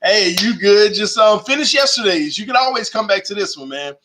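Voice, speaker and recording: Excitable young male livestream host with a fairly high voice and loose slangy delivery. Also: brisk, a little hiss or hum. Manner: excitable, shouts and sings out, slangy. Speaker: fan channel host. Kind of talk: live-stream sports fan talk.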